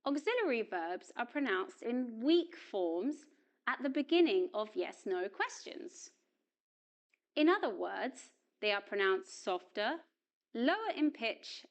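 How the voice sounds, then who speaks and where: Slow, lively woman teaching pronunciation. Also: fairly high pitch. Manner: slow, careful, exaggerated stress for modeling. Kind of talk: scripted instructional narration.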